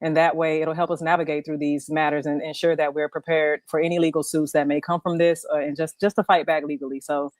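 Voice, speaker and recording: A woman who is a guest on a livestream talk show, speaking in a measured way with frequent ums. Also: deep voice, no echo. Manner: measured, even, many ums.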